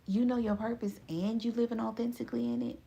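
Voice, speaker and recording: A woman, talking straight to her listeners in a casual, profane motivational monologue, laughing often and swinging between slow drawn-out phrases and quick bursts. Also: on the high side, gravelly, warm tone. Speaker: spiritual reader.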